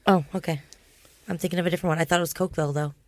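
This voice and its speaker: A woman co-hosting a podcast who is excitable, gushes over things and swears often. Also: lowish voice, rapid-fire, no room sound. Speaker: podcast co-host. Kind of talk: casual podcast chat.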